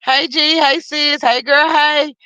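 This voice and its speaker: A woman's voice: high-pitched, steady tone, slow, pushed and bright, no room sound, highs cut off. A woman hosting a casual live stream, talking straight to her viewers and reading out the chat in a folksy, chatty way.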